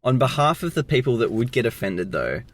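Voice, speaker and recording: Lively young man, laughs a lot. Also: mid-range voice, fairly quick, slight background noise. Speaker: podcast co-host. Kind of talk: casual comedic chat. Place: inside a car.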